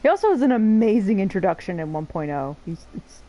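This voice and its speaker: A woman's voice: medium pitch, very animated, dark tone, highs cut off. Playful woman streamer commenting on gameplay. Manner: playful, swearing, quick to laugh.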